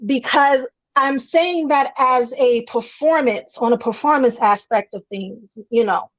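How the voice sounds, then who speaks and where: A high-pitched woman chats on a casual livestream, hammering her points home to the viewers. Her audio sounds dull and lo-fi, as if coming through a weak connection. She talks with a Brooklyn-born woman's easy directness. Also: a little slow. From Brooklyn, New York. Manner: emphatic, repeats points for the chat. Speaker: co-host of a gossip livestream.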